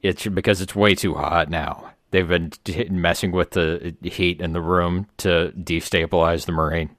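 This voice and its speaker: Comedy podcast co-host, deep-voiced man, dry and deadpan, rambling tales. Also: a little slow, no echo. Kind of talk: casual comedy podcast chat.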